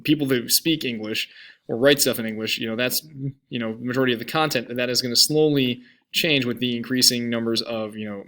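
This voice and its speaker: A man's voice: medium pitch, fairly bright tone. A young man, a teacher talking through lecture slides in a casual, rambling way full of fillers and restarts. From United States. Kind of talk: recorded classroom lecture over slides.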